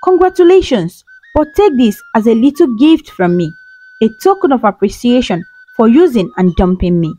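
A woman's voice: a little high, big pitch swings, normal speed, mellow. A woman voicing a bitter, vengeful young female ghost in a storybook tale, speaking in a cold, mocking manner.

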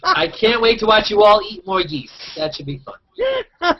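A man hosting a comedy web show, teasing his guests with jokey, loud asides over a video call. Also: high voice, huge pitch swings, a little slow, over a noisy crowd. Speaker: host. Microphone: video call mic. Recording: dull lo-fi video call audio.

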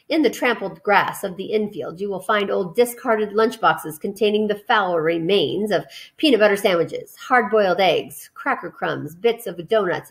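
An old sheep , played by a woman reader, spins a long, tempting list with relish. The voice stays close to a plain reading voice, lively and persuasive. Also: mid-range voice, natural voice.

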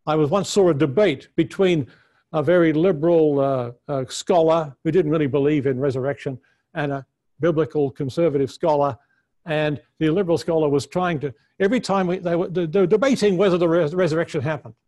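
A man teaches a conference session on the Bible with a somewhat high voice. His delivery is earnest and unscripted, and he often restarts his sentences as he works out his point. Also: fairly quick, darkish tone. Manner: earnest, thinks aloud with frequent restarts and fillers. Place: conference room.

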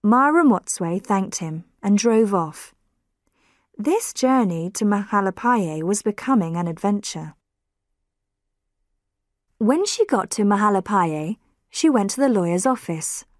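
A woman reading a graded story for English learners aloud, slow and clear, lightly lifting her voice for quoted lines. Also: medium pitch, animated, dry recording, studio quality. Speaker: audiobook narrator.

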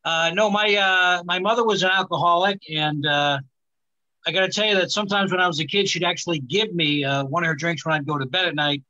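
A male stand-up comedian on a live stage, delivering his set with a halting manner and many "uh" fillers. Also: sits high, fairly even intonation, sharp tone, lo-fi sound. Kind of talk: stand-up routine.

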